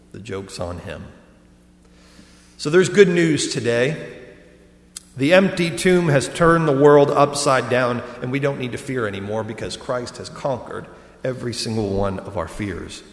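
A man, a pastor, preaching a sermon and telling jokes, going from loud to soft. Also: mid-range voice, creaky. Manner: storytelling, swinging between loud and soft. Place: church sanctuary. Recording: echoey hall reverb.

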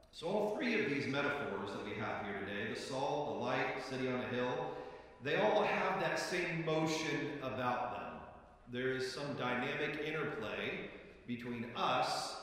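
Pastor preaching in an echoey hall. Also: male voice, on the high side. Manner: relaxed, conversational preaching with frequent "uh" fillers and emphatic repetitions. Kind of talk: sermon with scripture reading. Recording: echoey hall, voice picked up from a distance.

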